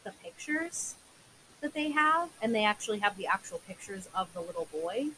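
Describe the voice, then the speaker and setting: A woman's voice: medium pitch, very animated, moderate pace, pushed and bright, a little hiss or hum, rough recording. A young woman co-hosting a true crime podcast, recounting case details casually with many filler words. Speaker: podcast co-host.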